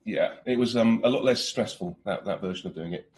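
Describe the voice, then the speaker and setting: A man's voice: lowish voice, a little fast, darkish tone. A British man in his forties, an actor chatting casually in an interview, laughing often and restarting his sentences.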